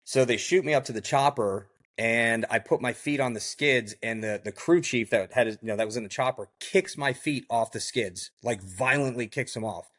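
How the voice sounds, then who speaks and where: A man who is a podcast guest, telling a survival story in a lively way and acting out what others said, often saying "like" and "you know.". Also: medium pitch, moderate pace, few pauses. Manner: heavy use of "like" and "you know".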